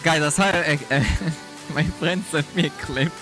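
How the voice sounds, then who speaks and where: A male VTuber streamer chatting casually with his viewers, animated, laughing often and swearing freely. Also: a little high, measured pace, music in the background. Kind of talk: casual live-stream chat.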